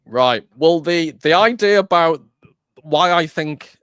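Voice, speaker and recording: A man's voice: a little high, animated, takes it slowly, a bit bright, clean tone, dry recording, clean studio sound. A man hosting a casual discussion, chatty and self-deprecating, often rambling. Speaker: host.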